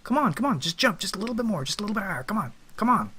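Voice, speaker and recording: Brief: a man doing a mocking inner ego, high and teasing, taunts in a sing-song lift. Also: big pitch swings, rapid-fire, noisy background. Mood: taunting. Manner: taunting, coaxing.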